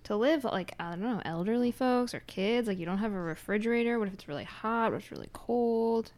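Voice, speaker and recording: A woman's voice: on the high side, fairly quick, darkish tone. A woman from the US East Coast, a guest on a podcast, chatting casually with dry joking asides. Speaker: urban planner guest.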